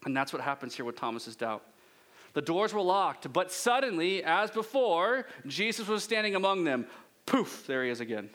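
A male pastor preaching a conversational sermon with rhetorical questions and drawn-out pauses. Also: high voice, very animated, fairly bright tone.

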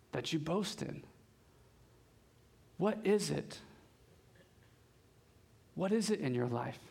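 Young guy giving a sermon, kinda high voice, talks loose and lively with little asides. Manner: animated, conversational preaching with asides. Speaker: pastor.

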